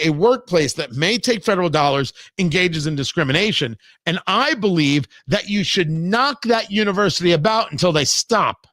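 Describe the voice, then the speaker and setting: A man's voice: high-pitched, fairly bright tone, no echo, clean studio sound. A middle-aged man hosting a talk show, delivering an emphatic, sarcastic monologue and acting out imagined conversations. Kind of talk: opinionated talk radio monologue.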